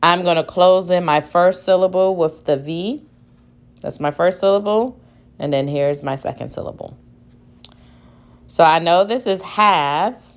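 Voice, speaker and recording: Slow low-voiced woman teaching phonics. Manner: slow, deliberate, sounding out syllables aloud. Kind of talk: phonics lesson demonstration.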